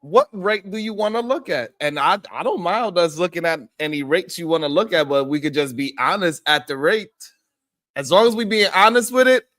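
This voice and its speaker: Hosting a casual live stream, a man greets chat viewers by name and argues his point loosely, rambling conversationally and repeating himself. His voice sits high and is expressive and fairly bright, at normal speed.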